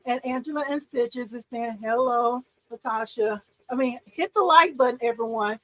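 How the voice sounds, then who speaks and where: Talking a little fast in a high-pitched voice, a bubbly woman chats with viewers on her casual livestream, excitable and laughing often. The audio quality is poor.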